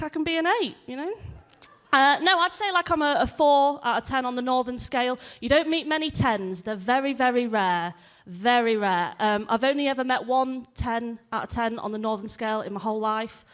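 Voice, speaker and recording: A woman's voice: fairly high pitch, fairly bright tone. A woman in her twenties with a Yorkshire accent, performing a chatty, self-mocking stand-up set on a comedy stage. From northern England, near Leeds.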